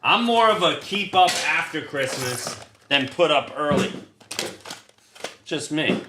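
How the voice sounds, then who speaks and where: A man's voice: fairly high pitch, lively intonation, slow pace, background noise. A man hosting a card break, chatting casually and swearing freely while he calls out the cards he pulls. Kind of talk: casual livestream chat while opening cards. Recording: roomy echo.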